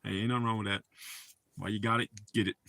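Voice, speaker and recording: This time the dip-chewing Southern streamer talks fast in a fairly low, level voice with vocal fry and a sharp tone, without any room sound. He's laid-back in the casual chat, laughing often and swearing frequently in his drawl.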